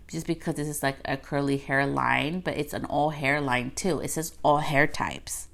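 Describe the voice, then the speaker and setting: A woman with a low voice and a gravelly, fry-laden edge hosts a solo podcast. She talks casually and chattily, leaning on "like" and "you know" and acting out what other people said. Her tone stays conversational throughout. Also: fairly even intonation, moderate pace, hardly any pauses, a bit bright. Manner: chatty, filler-heavy, acts out quotes. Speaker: podcast host.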